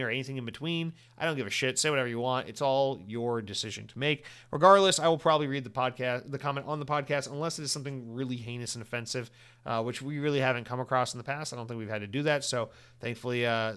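A man's voice: mid-range voice, fast, a bit bright, clean tone. Rambling sarcastic male podcast host. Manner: rambling, sarcastic, mock-exasperated, swears freely. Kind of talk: solo podcast news and outro rant. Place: home office room.

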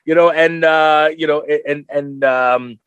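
A man's voice: on the high side, fairly even intonation, a little slow, a bit bright, clear, resonant tone, dry recording, muffled recording. A man co-hosting a podcast, chatting casually in a rambling, laid-back way with lots of fillers. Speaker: podcast co-host. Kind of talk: casual chat.

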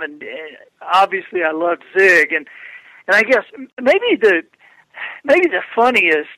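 A man's voice: high-pitched, bright, forceful tone, no room sound. A male author and speaker, a guest on an interview show, telling stories animatedly with many stammered restarts. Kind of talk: storytelling interview answers. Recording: tinny phone line, dry.

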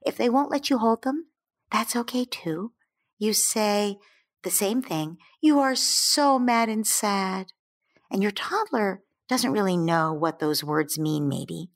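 A woman who is a parenting expert, explaining in a gentle, soothing way and slowing down to stress her points. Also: mid-range voice, lively intonation. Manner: gentle, soothing, slows down for emphasis. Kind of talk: calm explanatory advice.

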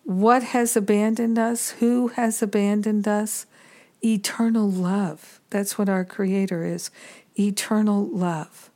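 Woman, mid-pitched voice, unhurried spiritual teacher; earnest, reflective delivery with frequent pauses. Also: fairly even intonation, mellow. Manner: measured and earnest, pausing often.

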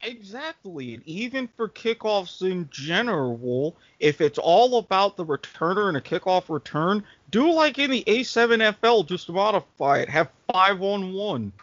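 A man co-hosting a casual sports podcast, explaining rules in a halting way with fillers, on dull, dry lo-fi audio. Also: high voice, big pitch swings, a bit bright, no echo. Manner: halting, thinks aloud with fillers. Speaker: co-host.

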